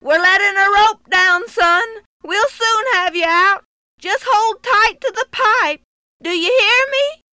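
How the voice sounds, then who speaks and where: A woman voicing an anxious rancher father who calls loudly and urgently down a well to his son. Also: very high voice, slow pace, dry recording, pitched above the performer's own voice, full character voice. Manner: urgent, loud calling.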